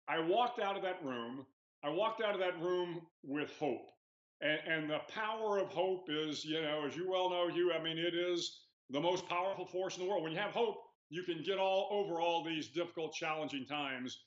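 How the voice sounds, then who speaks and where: Older man, guest interviewee, measured storytelling, higher voice, roomy lo-fi remote audio. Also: fairly bright tone. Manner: measured storytelling with frequent "uh" and "you know". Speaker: guest, retired admiral. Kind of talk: conversational interview answers.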